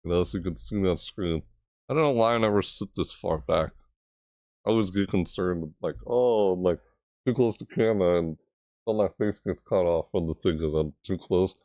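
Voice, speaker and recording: A man who makes gaming videos, chatting casually to camera, reading out viewer messages and answering them in a rambling way, with sudden high yelps. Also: normal speed, mellow, dry recording, studio quality. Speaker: gaming YouTuber reacting to trailers and chat.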